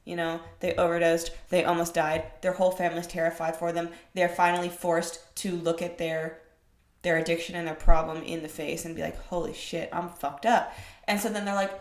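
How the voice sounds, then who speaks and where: A woman's voice: fairly low pitch, fairly quick. A young woman hosting a fitness podcast, talking bluntly with lots of swearing and fired-up rhetorical questions. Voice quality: blunt, profane, emphatic. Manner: rhetorical questions, animated swings in loudness. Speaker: fitness podcast host, personal trainer. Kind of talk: casual monologue. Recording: roomy echo.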